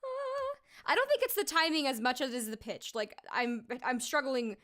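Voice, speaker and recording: A woman's voice: high-pitched, big pitch swings, a little fast, a bit bright. A woman singer talking casually on a live stream while recording her vocals, thinking aloud with lots of fillers.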